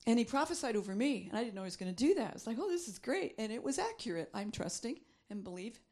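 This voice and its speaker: A woman's voice: fairly high pitch, very animated, fast, darkish tone. A middle-aged woman preaching a sermon, reading scripture aloud and repeating phrases for emphasis.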